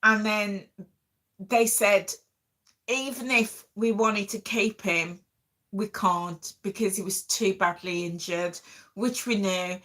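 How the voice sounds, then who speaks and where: A woman's voice: medium pitch, steady tone, slow, a bit bright. A middle-aged woman, casually telling an emotional story to her viewers as a vlog host. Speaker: vlogger host.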